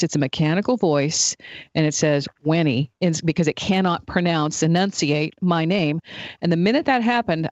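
A woman's voice: fairly low pitch, darkish tone, no echo. Female interview host, earnest storyteller, dull dry recording. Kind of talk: interview talk.

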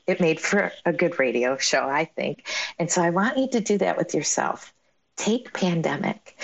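A middle-aged woman hosting a radio show, giving upbeat, encouraging motivational talk with emphatic, animated delivery. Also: lowish voice, husky.

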